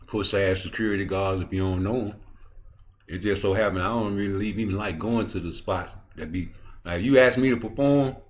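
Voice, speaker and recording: A man hosting a YouTube boxing talk show, ranting profanely and swinging from low muttering to loud, heated outbursts. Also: normal speed. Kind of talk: ranting commentary.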